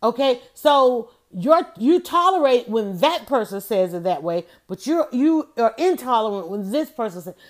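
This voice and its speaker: A woman hosting a casual talk, rambling and conversational, with folksy emphasis and frequent asides to her listeners. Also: fairly high pitch. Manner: folksy and emphatic, often asking "right?". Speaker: host speaking to an audience.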